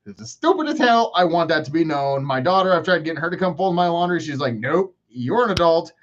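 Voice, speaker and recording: A man's voice: fairly high pitch, expressive, quick pace, fairly bright tone, dull audio. A man in his forties hosting a solo podcast, rambling through profane, self-mocking rants. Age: 40s. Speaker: podcast host.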